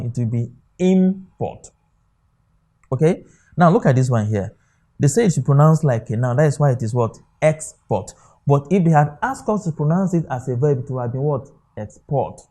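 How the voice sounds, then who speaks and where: A man's voice: medium pitch, dark tone. A man with a Nigerian English accent teaching an exam-prep lesson, often asking rhetorical questions and checking "okay?". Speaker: English tutor.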